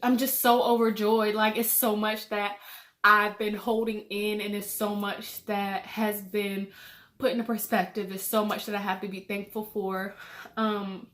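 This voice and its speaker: A young woman vlogging about her pregnancy, crying as she talks, halting and repeating herself with many fillers. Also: medium pitch, flat delivery, a bit bright. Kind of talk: emotional personal vlog.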